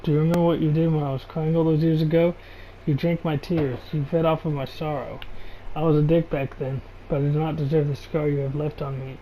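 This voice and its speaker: A man voicing a vengeful, sadistic young man who threatens his captive in a fast, snarling rush. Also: on the high side, flat delivery, highs cut off, slight background noise, lightly acted. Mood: menacing.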